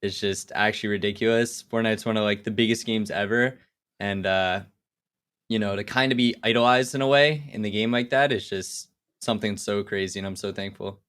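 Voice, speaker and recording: A man's voice: on the low side, steady tone, fairly quick, a bit bright, clear, resonant tone. A young man, a gaming guest, answering casually with lots of fillers and a modest tone. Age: young adult. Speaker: guest, pro gamer. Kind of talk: casual podcast interview.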